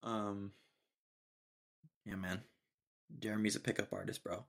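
A man's voice: lowish voice, very animated, measured pace, creaky, pauses often, fairly bright tone. A young man hosting a casual solo podcast, ranting sarcastically and laughing often. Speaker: podcast host.

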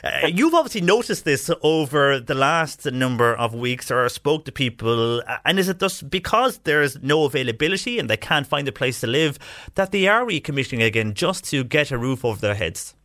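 A man's voice: medium pitch, lively intonation, moderate pace, bright, forceful tone, no echo. A man hosting a local radio show, chatting and reading out listener texts from a studio mic. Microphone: studio microphone.

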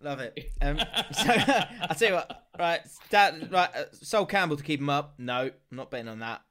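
A man's voice: fairly high pitch, lively intonation, moderate pace, sharp tone. A man hosting a podcast, bantering casually, laughing often and swearing freely. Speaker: podcast host.

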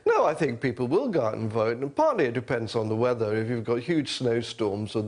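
A male professor speaks as a guest in a political interview, with a voice of ordinary pitch. He answers hesitantly, restarting with "um" and adding wry asides. His delivery is loose and conversational. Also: sing-song, a little fast.

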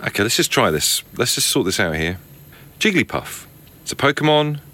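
A man co-hosting a podcast in loose, casual banter. His voice is bright and forward, and he rides it up and down with plenty of life. He teases his co-host with a cheeky edge. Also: mid-range voice, very animated, normal speed. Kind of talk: casual chat.

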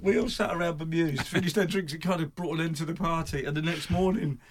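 A man telling an animated story, acting out quoted lines loudly. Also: on the high side, fast talker, a little hiss or hum. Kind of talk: casual storytelling chat.

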